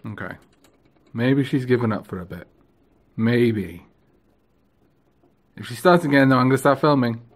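A man filming a casual vlog of his pet ferrets, cooing to them in gentle baby talk. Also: medium pitch, lively intonation, unhurried, long pauses. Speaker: vlogger.

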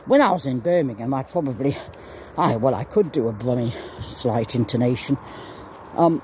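Expressive and dark-toned, this medium-pitched voice belongs to a man in his sixties talking at normal speed as he walks his dog outdoors in fields. Slight background noise is present, and he wanders between topics, stopping to talk to the dog.

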